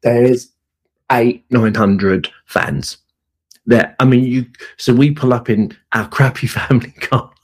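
A man, a podcast guest telling an animated story and acting out the voices. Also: medium pitch, takes it slowly, slightly rough. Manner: animated, acts out voices in quotes. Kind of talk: storytelling anecdote.

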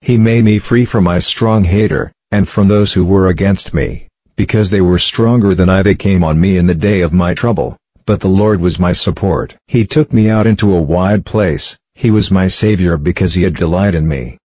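Deep-voiced man reading psalms. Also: moderate pace, hardly any pauses, no echo. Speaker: scripture reader. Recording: dull lo-fi recording.

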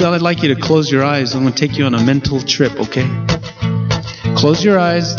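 Folksy comedian. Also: male voice, a little high. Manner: folksy, playful, talks to the audience directly. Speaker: stand-up comedian. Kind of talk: storytelling stand-up comedy. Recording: distant mic, dull lo-fi sound with guitar music.

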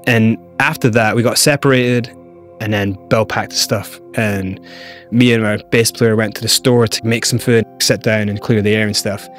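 A man's voice: on the low side, steady tone, moderate pace, fairly bright tone, soft background music. A Scottish man, an interview guest, telling a story candidly and acting out other people's lines.

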